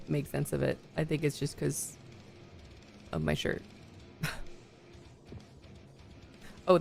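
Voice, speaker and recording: A chatty woman streamer with a lowish, gravelly voice that is still slightly hoarse, greeting her viewers and laughing easily. She talks into a desk mic at home, with faint music playing under her voice. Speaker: livestream host. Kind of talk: casual live-stream chat.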